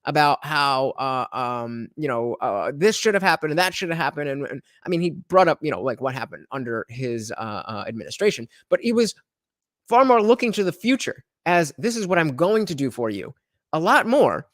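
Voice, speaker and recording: A man's voice: a little high, very animated, moderate pace, fairly bright tone, dry recording, studio quality. A man hosting a reaction show, giving casual, rambling commentary with many restarts and fillers.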